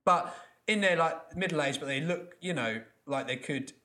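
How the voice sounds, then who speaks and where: A man in a casual chat, halting and searching for his words. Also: a little high, animated, bright, forceful tone.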